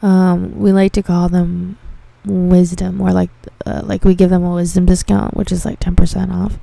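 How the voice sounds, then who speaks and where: A woman's voice: lowish voice, little pitch movement, moderate pace, gravelly, mellow, dry recording. A young woman hosting a casual podcast monologue, rambling, swearing freely and filling with "like". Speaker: podcast host.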